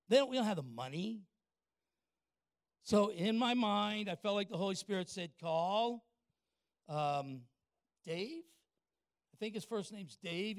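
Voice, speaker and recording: An older man, a pastor telling a folksy story in a sermon and asking the congregation quick questions. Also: high voice, no room sound, clean studio sound.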